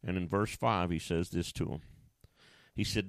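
A man's voice: low voice, brisk, dry recording. A male pastor preaching a sermon in a folksy, conversational way, often restarting his sentences.

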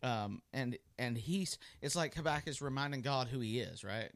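A man's voice: fairly high pitch, moderate pace, hardly any pauses, a bit bright, dry recording. A male pastor preaching a sermon in a loose, conversational way, full of ums and restarts.

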